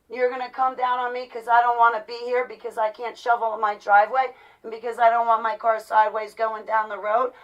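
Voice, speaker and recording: A middle-aged woman giving an agitated personal monologue, swinging between loud outbursts and low, quiet stretches. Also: distant mic, dull audio. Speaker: vlogger.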